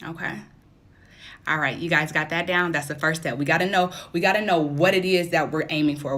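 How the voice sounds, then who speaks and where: A woman's voice: sits low, a bit bright. A woman in her thirties hosting a live stream, giving a casual motivational talk and repeating her questions in a chatty, encouraging way. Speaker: host of a live stream for women.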